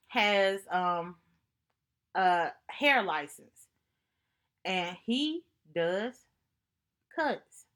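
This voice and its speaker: A woman speaking to camera in an earnest, reflective monologue, telling personal stories in an unhurried way and often repeating herself for emphasis. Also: fairly high pitch, a bit bright. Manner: earnest, thoughtful, unhurried storytelling with repetitions. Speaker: vlogger.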